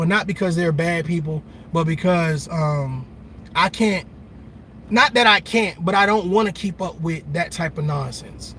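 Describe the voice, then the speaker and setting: A man hosting a casual live stream, talking straight to his viewers in an animated, blunt way with plenty of swearing. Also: fairly high pitch, unhurried, a little hiss or hum. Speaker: livestream host. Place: parked car in a park.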